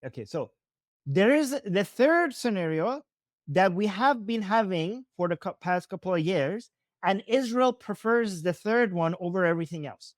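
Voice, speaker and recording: A man's voice: sits high, lively intonation, normal speed, no room sound, studio quality. A man with a Persian accent giving casual live commentary on videos, thinking aloud with frequent restarts and self-corrections.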